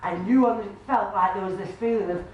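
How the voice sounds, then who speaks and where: A woman works as a medium before a crowd, her homely patter caught from well back in a boomy, very echoey club room. A faint hiss of noise hangs under her voice, which sits at an ordinary middle pitch. She keeps checking in with the sitter, asking again and again whether they understand. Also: brisk, darkish tone, distant mic. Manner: chatty, homely, addresses the sitter as love and sweetheart. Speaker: spiritualist medium. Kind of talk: live mediumship reading to an audience.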